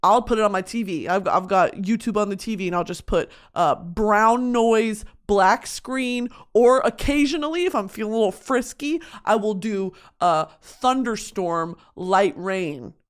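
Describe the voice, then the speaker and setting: A young woman with a medium-pitched voice hosts a podcast from her home studio, talking unhurriedly with hardly any pauses. Her chat is casual and expressive, full of swearing, and she mocks herself in exaggerated voices.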